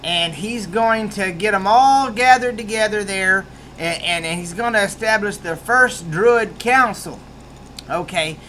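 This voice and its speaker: A man's voice: high voice, a little slow, bright, forceful tone, a little hiss or hum. A man with a rural American accent giving a casual book review, rambling with many restarts.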